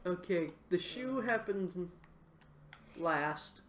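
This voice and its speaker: A woman's voice: fairly low pitch, animated, very slow. Chatty woman thinking aloud. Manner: chatty, laughs easily, thinks out loud. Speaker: player. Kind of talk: casual let's play chat. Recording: echoey room, faint noise.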